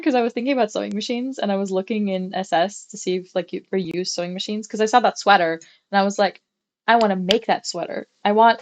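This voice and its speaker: A woman's voice: medium pitch, creaky, darkish tone. A young adult woman livestreaming from her bedroom at home, chatting casually in a rambling way and swearing now and then. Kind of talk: casual chat.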